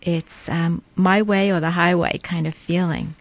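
A woman co-hosting a radio talk show, speaking thoughtfully and pausing often as she works through her ideas. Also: on the low side, steady tone. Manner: thoughtful, hesitant with fillers.

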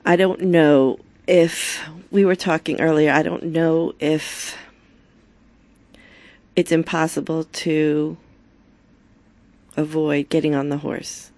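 Woman guest on a radio show, pretty flat tone, asking questions. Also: low voice, slow pace, pauses often, no room sound. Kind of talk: casual talk radio chat.

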